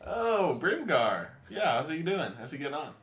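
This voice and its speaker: A man's voice: a little high, very animated, normal speed, fairly bright tone, pitched above the performer's own voice. A man voicing a casual, friendly male lord who talks in a laid-back, chummy way.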